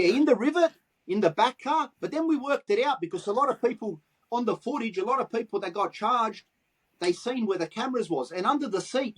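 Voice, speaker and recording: A middle-aged man with a Sydney accent tells animated street anecdotes, swearing freely. His voice sits high for a man and has a husky edge. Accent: Australian, Sydney. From Australia. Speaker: guest, graffiti artist. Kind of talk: casual storytelling interview.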